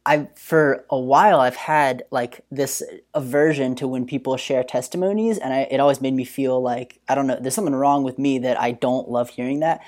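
A man's voice: mid-range voice, normal speed, hardly any pauses, a little mellow. A man hosting a podcast, reflective and plain-spoken, thanking his guest and reading out where to find everyone online. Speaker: podcast host. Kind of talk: casual podcast chat.

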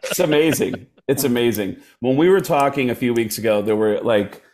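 Man telling a lively comedy story. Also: mid-range voice, normal speed. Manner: animated storyteller who slips into voices. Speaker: comedian guest. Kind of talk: casual storytelling.

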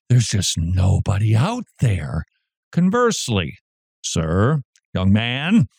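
A man's voice: mid-range voice, darkish tone, no echo, studio quality. A man hosting a daily Christian commentary show, talking in a wry, conversational way with sarcastic asides. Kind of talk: casual commentary.

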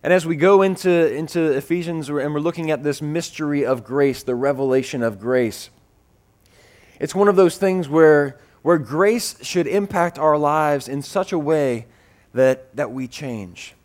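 A man preaching a sermon, animated and repeating phrases as he builds, acting out voices when he tells personal stories. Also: fairly high pitch, a little slow. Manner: acts out voices in his stories. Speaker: pastor.

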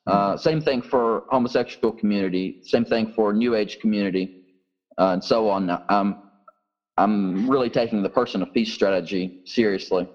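A man's voice: on the low side, normal speed. Earnest man telling a story, lo-fi. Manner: earnest, first-person testimony. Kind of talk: storytelling in an interview.

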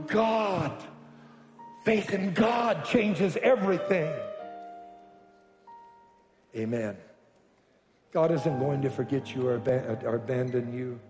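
A man preaching a sermon to a congregation, building from slow, deliberate lines up to shouted declarations. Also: a little high. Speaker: pastor. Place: large church hall. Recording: echoey hall from far off.

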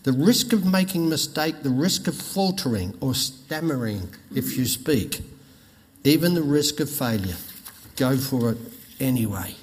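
Folksy preacher in a hall. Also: male voice, mid-range voice, animated, measured pace. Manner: folksy storytelling with jokes. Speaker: pastor. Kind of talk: sermon. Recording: long reverb in a hall.

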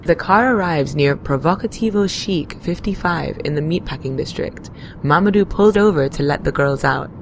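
Deadpan woman narrator, low voice. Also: normal speed, slight background noise. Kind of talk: scripted narration.

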